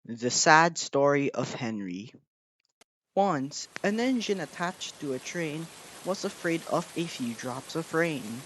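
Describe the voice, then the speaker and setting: A man narrating a children's storybook in a measured, gentle manner. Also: on the high side, a little hiss or hum. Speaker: audiobook reader.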